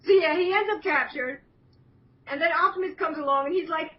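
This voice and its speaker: Young woman, high voice, casual fan chat, rambling recaps, set back from the mic, dull lo-fi sound. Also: fairly quick, far from the mic. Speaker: show host.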